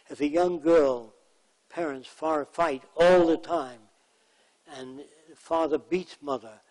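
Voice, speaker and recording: A man's voice: on the high side, a little mellow, low-quality recording. A man giving a lecture, telling plain anecdotes and acting out the people in them. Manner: anecdotal, plainspoken, acts out quotes. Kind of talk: storytelling lecture.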